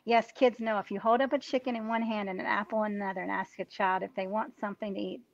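A woman's voice: mid-range voice, fairly even intonation, fast, gravelly. A woman hosting a live show, affirming her guest and reading viewer comments aloud, on a dull, dry recording. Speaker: host.

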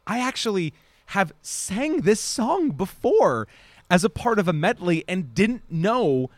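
A man's voice: high-pitched, sing-song, slow pace, dry recording. Rambling enthusiastic man, dry close mic. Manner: rambling, self-correcting, enthusiastic. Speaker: podcast co-host. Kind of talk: casual film discussion.

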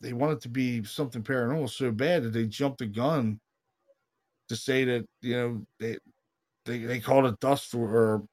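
Speaking at a moderate pace, a paranormal investigator with a medium-pitched voice hosts his podcast in relaxed, casual conversation. His stories build with growing excitement, full of swearing and repeated "dude" and "you know what I mean."

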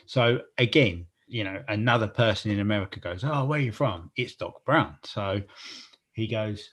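English man telling anecdotes on a chat podcast, animated, lowish voice, swears freely. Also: moderate pace, husky. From Gravesend, Kent, England. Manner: animated storyteller, casual swearing. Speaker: podcast co-host. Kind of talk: casual chat.

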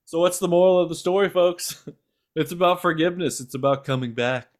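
A man doing a comic impression of a boastful older male politician, with a lowered, drawling cadence and repeated "folks". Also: brisk, natural voice. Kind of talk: comic impression reading a parody text.

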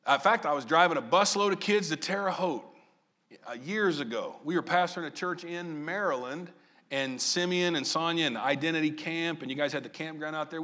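A man's voice: a little high, fairly quick. A man from Southern Illinois preaching a sermon as pastor, asking his congregation question after question. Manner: animated, asks the congregation questions.

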